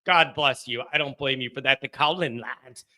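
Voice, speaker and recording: A man's voice: medium pitch, pushed and bright. A man hosting a call-in sports show, rambling casually and joking about himself. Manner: rambling, self-deprecating, quick laughs. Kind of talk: casual sports talk monologue.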